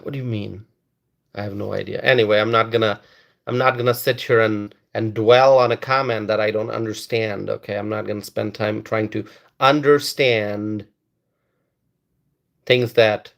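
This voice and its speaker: A man's voice: lowish voice, creaky, fairly bright tone. Emphatic man doing live commentary. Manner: repetitive, emphatic, stalls and restarts words. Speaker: political commentator reading viewer comments.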